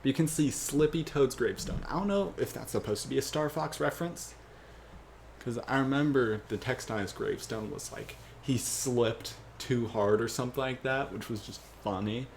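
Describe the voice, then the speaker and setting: A man's voice: mid-range voice, a little fast, vocal fry, slight background noise. A man rambling and joking to himself as he thinks aloud, working out a fan script. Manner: rambling, self-joking, trailing off.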